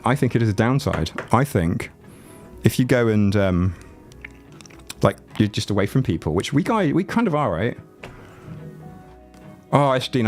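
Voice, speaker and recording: A man livestreaming from home with a chest cold that leaves his voice rattly, chatting and joking with his viewers in a loose, rambling way. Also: lowish voice. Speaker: livestreaming YouTuber. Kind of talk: casual livestream chat. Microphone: desk mic, no headphones.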